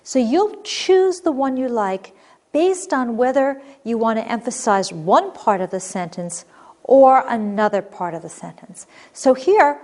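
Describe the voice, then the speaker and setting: A woman teaching a recorded grammar lesson, explaining clearly and patiently. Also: a little high, animated, a little slow, a little mellow.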